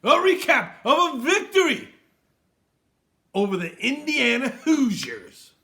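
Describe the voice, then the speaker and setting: A man doing a theatrical, comedic football recap monologue as a fan host, often bursting into shouts. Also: very high voice, very animated, takes it slowly.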